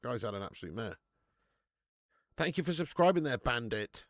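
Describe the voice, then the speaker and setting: A young man talks through a live football match for his stream viewers. He gets excitable, swears casually and reads chat comments aloud. His mid-pitched voice sounds dry and close, with no room echo. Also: normal speed.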